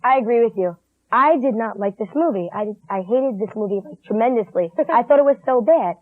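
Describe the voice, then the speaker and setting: A woman's voice: a little high, animated, a little fast. Emphatic female movie reviewer. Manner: emphatic, repeats herself, laughs between words. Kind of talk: casual movie review chat. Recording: tinny lo-fi 1980s TV broadcast.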